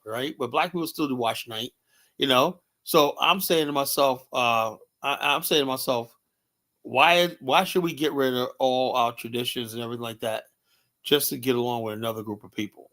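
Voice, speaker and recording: This host, a man with a New York accent, talks fairly quickly in a medium pitch with a fairly bright tone. Leading a heated discussion, he stays emphatic, poses rhetorical questions, and often drops in "you know."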